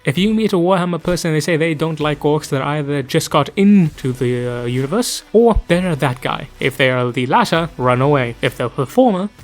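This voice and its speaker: A man hosting a casual lore explainer, rambling and joking about himself with lots of enthusiasm. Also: a little high. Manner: rambling, jokey, self-deprecating, enthusiastic. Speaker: lore video host.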